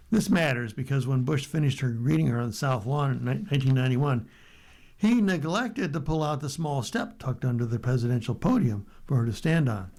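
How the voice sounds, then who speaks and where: A man with an American accent reading newspaper stories aloud for a radio reading service, steady and unhurried with light asides. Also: medium pitch, rough recording.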